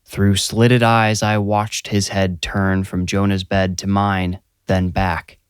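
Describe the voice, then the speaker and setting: A young man tells a scripted first-person horror story, steady and measured. His voice sits low, and the close studio mic gives it a dry sound with no room. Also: clear, resonant tone, no room sound. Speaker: narrator and writer.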